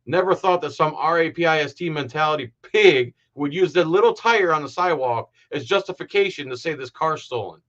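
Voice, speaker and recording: A man's voice: on the high side, animated, brisk, hardly any pauses, a bit bright, highs cut off. A man hosting a reaction commentary who talks in an angry, sarcastic and insulting way. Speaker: commentary host. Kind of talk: reaction commentary over video.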